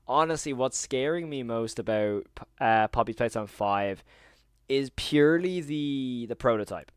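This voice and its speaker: A man's voice: mid-range voice, unhurried, clean tone, no echo, studio quality. A man streaming live, chatting casually to his viewers with slangy, rambling talk and frequent laughter.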